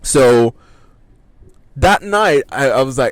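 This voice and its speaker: A man's voice: medium pitch, normal speed, no echo. A man in casual podcast chat, telling a rambling story with plenty of swearing and laughter. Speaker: podcast co-host.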